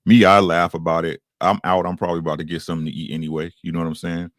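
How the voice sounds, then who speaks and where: A man in casual chat on a video call, relaxed and talking in loose slang that keeps asking "you know what I'm saying". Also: deep voice, racing, no echo, clean studio sound.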